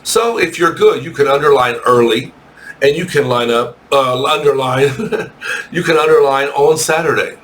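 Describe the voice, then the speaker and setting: A man teaching an English lesson to young children, reading a textbook aloud slowly and correcting his own slips. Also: mid-range voice, fairly bright tone, a little hiss or hum. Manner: slow, patient, reads text aloud and corrects himself.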